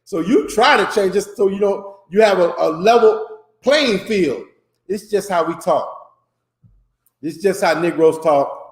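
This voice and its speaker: A man from Florida leads an informal religious class with a high voice. He speaks in loose, rambling, emphatic street talk. The room around him is echoey. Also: a little slow. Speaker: teacher.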